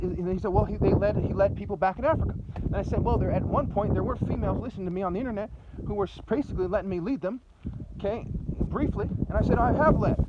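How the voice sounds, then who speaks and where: A man vlogging while walking around, recounting an argument in an agitated, repetitive way. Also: high voice. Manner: agitated, repetitive, fast and intense. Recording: dull lo-fi recording with faint noise.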